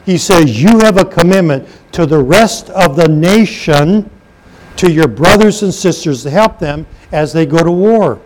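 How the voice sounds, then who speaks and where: A man's voice: fairly high pitch, expressive, measured pace, darkish tone, low-quality recording. A man preaching a sermon, reading scripture aloud and asking his listeners questions. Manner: reads scripture aloud and comments, asks the congregation questions. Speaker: pastor.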